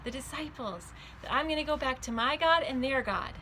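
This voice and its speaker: A gentle, kindly man speaks softly and reassuringly in a children's storybook tale, as a woman puts him on. His voice sits fairly high and bright, with a soft hiss of noise behind. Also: expressive, fairly quick. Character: gentle adult male savior speaking kindly.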